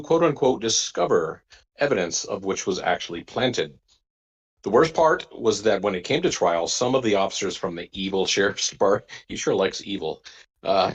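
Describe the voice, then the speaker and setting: A man's voice: on the low side, slightly rough, muffled recording. A man on a casual group call reading a viewer's letter aloud, stumbling on words and adding wry asides. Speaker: podcast panelist.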